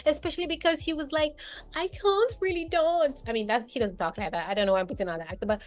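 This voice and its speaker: A woman co-hosting a casual reality TV chat, talking in an animated, emphatic way and jumping from thought to thought. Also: medium pitch, rapid-fire.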